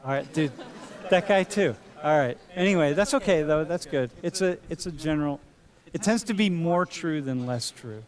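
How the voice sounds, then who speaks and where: A man's voice: fairly high pitch, lively intonation, normal speed, hardly any pauses, some chatter behind. A man teaching a university class in a large lecture hall, talking casually and playfully, calling students dude and bro. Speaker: university professor.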